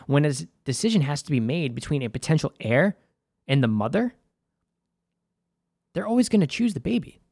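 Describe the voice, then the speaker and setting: A man's voice: mid-range voice, no room sound. Young boston guy recapping a show, chill and rambly, swears a lot, dead dry mic. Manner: loose and conversational, swears freely, many fillers. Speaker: host. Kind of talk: casual episode recap.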